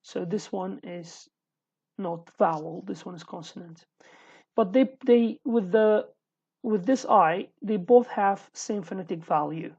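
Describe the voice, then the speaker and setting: Mellow breathy woman teaching a lesson. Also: medium pitch, dull audio. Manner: explains patiently, often pausing and repeating words. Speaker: language teacher. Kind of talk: casual online language lesson.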